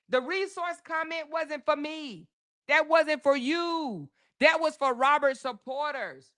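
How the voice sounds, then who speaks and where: A woman's voice: on the high side, a bit bright. Female host, casual drama commentary; AAVE, emphatic, profane, playful mimicry. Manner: sassy, emphatic, profane, acts out quotes.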